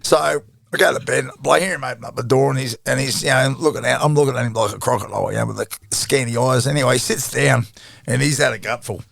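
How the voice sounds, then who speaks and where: A middle-aged Australian man with a heavily gravelly, fry-laden voice spins a casual yarn, swearing freely and chuckling between stories. The sound is dry and close, with no room around it. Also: medium pitch, quick pace, a bit bright, no room sound. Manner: swears freely, laughs through his stories. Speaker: guest, former rugby league player. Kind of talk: casual storytelling interview.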